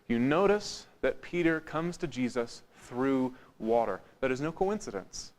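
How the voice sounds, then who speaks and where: A man with a somewhat high voice delivers a sermon in a church. His tone is conversational and joking, and he turns quiet and intimate on his key points. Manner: conversational and wry, swinging from lively to hushed. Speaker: preacher.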